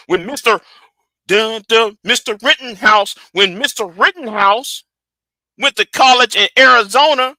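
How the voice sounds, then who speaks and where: A man hosting a livestream argues his points in a high, lively voice that swoops up and down. His tone is very bright and cutting, and the sound is close and dry with no room around it. He talks straight to his viewers. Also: a little slow, no room sound. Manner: animated, argumentative, talks straight to his audience. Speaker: livestream host. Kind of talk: livestream commentary.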